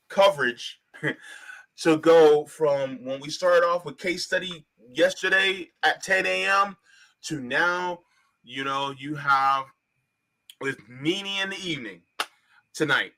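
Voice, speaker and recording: Man, livestream host, bright tense voice, measured, reflective, filler-heavy. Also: a little high. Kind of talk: livestream panel talk.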